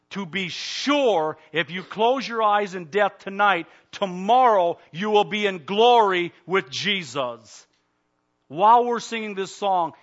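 A man preaching a sermon as pastor, fervent, swinging between loud urging and quiet pleading. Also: sits high, dull audio. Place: church.

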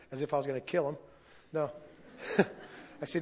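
A pastor telling his story from the pulpit, his voice sitting a little high. He slips into the voices of the people he quotes as he goes. The recording is muffled and lo-fi. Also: fairly even intonation, moderate pace, darkish tone. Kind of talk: testimony sermon.

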